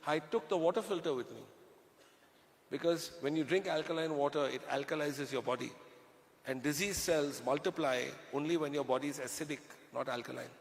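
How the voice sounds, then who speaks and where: A man with an Indian English accent speaks in a fairly high voice, chatty and joking as he works the crowd at a business event. His words ring out with a long hall reverb. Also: fairly quick, gravelly, slight background noise. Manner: chatty, jokey, addresses the crowd. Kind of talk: motivational stage talk.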